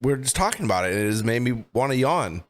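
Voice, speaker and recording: A man in his thirties co-hosting a podcast in casual banter, laid-back and swearing freely, quick to push back when teased. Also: medium pitch, sing-song. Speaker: podcast co-host.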